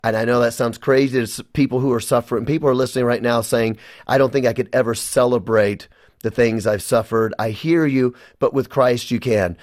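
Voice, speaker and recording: A man's voice: mid-range voice, steady tone, brisk, darkish tone, dry recording, studio quality. A man, a guest on a radio interview, telling an emotional personal story of faith in an earnest way.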